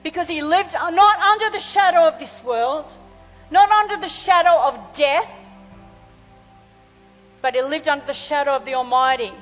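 Female pastor, high voice, fervent sermon, long hall reverb. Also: animated, normal speed, long pauses, fairly bright tone, soft background music. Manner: fervent, calls out to congregation.

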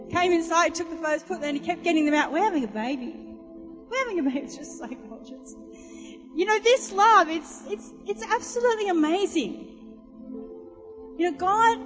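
A woman preaching a sermon, telling a personal story in an animated way and acting out other people's voices. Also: high-pitched. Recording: live sermon in a reverberant hall with music behind.

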